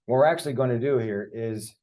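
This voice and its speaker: A man's voice: mid-range voice, quick pace, warm tone. A man teaching a Spanish grammar lesson over a screen share, explaining each step patiently with the odd filler.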